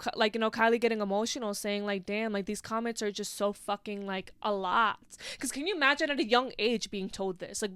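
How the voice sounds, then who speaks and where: A woman's voice: on the high side, fairly bright tone, clean tone, dry recording, clean studio sound. A young woman hosting a casual solo podcast, talking passionately and profanely, with lots of filler "like" and "you know.". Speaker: podcast host.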